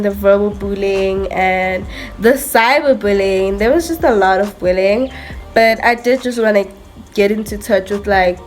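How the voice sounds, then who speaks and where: Chatty young woman telling a storytime. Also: mid-range voice. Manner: chatty, animated, self-mocking, lots of "like" and "literally". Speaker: vlogger. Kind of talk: casual storytime monologue.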